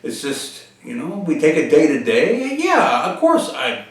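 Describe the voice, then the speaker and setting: A man voicing a jittery adult male meth user who talks in a high, wavering voice and is eager to be believed. The voice is recorded from far off in an echoey room. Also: huge pitch swings, measured pace, exaggerated voice. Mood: grateful.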